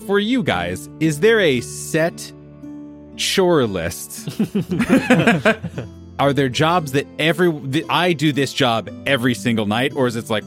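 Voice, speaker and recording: A man narrating as game master of a tabletop game, unhurried and given to laughing. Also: a little high, sing-song, fairly bright tone, faint music behind. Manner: slow, drawn-out narration, laughs often.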